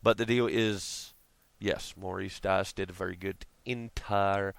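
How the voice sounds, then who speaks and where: A man's voice: deep voice, fairly even intonation, measured pace, creaky, smooth, dry recording. A man ranting casually in a vlog, profane and rambling, laughing at his own jokes. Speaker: vlogger.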